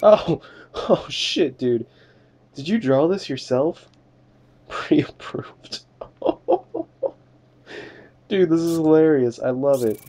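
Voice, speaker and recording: Speaking in a fairly high, mellow voice at a measured pace, this young gamer is lively as he jokes through his let's play. He talks to the characters in the role of a border inspector and lets the occasional swear word slip.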